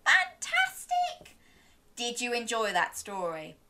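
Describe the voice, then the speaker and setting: A woman's voice: medium pitch, expressive, unhurried, sharp tone. A young woman reading a children's story aloud, sing-song and encouraging, gasping and inviting little listeners to join in.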